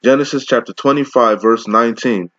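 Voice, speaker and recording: A man gives a loose, slangy scripture lesson at an average pitch. He reads verses slowly and deliberately and breaks into casual, profane commentary. The recording is muffled, lo-fi and dry, with no room echo. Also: a bit bright. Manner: casual slangy asides, profane, laughs often; slow deliberate scripture reading. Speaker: scripture teacher. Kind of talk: informal scripture teaching.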